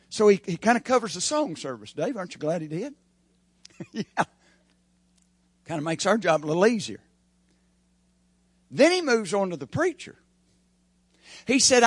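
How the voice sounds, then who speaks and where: A man delivers a folksy sermon, his slightly high voice swinging between booming emphasis and hushed, confiding asides. The sound is dry and close, with little room around it. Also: very animated, moderate pace, pauses often, slightly rough, dry recording. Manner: folksy preaching that swings from shouting to quiet asides. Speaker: pastor.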